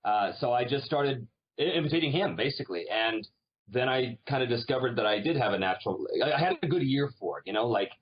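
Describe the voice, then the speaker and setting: A man from Canada, a voice actor guest, chatting casually in an interview and telling animated stories. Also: medium pitch, fast, breathy edge, lo-fi sound. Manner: animated storyteller, slips into accents.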